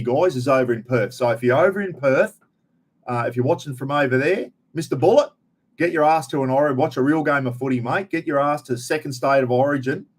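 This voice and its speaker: A middle-aged Australian man hosting a casual live chat, talking in a rambling, blokey, slangy way straight to his viewers. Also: medium pitch. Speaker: live stream host.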